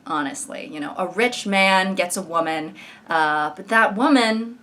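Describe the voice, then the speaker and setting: A woman's voice: mid-range voice, lively intonation, unhurried, fairly bright tone. A young woman giving sarcastic comedic commentary on social media posts, mocking them and slipping into exaggerated voices. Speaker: commentary YouTuber.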